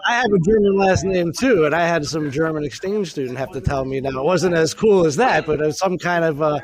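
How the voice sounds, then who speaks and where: A man hosts a casual podcast with a joking, easygoing manner. His voice sits a little higher than most. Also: brisk, poor audio. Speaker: co-host.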